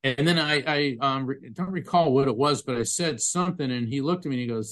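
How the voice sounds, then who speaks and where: This is a man talking in an interview with an earnest, emphatic manner. He tells his stories at a medium pitch and describes physical sensations vividly, as a medium and former attorney. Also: a little fast, hardly any pauses, a bit bright. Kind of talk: conversational interview storytelling.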